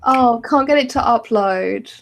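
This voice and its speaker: High-voiced woman, slow and giggly. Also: creaky, a little hiss or hum, poor audio. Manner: giggly, thinking aloud. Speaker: podcast co-host. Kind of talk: casual chat while drawing.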